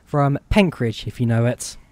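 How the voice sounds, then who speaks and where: A young man speaks at a mid pitch, his accent a blend of Midlands English and Eastern European. He chats loosely and rambles, pokes fun at himself, and talks through each moment as he plays. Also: animated, moderate pace, darkish tone, no echo. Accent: Midlands English mixed with Eastern European. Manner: chatty, rambling, self-deprecating. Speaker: streamer. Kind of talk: casual gameplay commentary.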